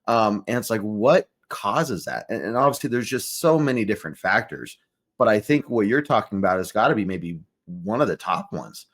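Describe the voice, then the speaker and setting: A male podcast host with a fairly low voice talks in a casual, laid-back way. He fills his thoughts with ums and easy chuckles. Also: very animated, moderate pace. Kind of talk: casual interview chat.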